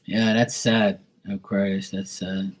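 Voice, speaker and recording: A man's voice: low-pitched, level tone, takes it slowly, rough recording. A man giving a casual live-stream psychic reading, talking bluntly and emphatically with plenty of swearing. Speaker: psychic tarot reader.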